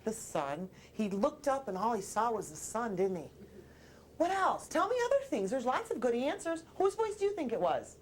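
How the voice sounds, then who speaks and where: A woman, a children's book author, talking with young children about her book in a coaxing, animated way and asking them questions. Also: fairly high pitch, moderate pace, a little hiss or hum. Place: television studio with children.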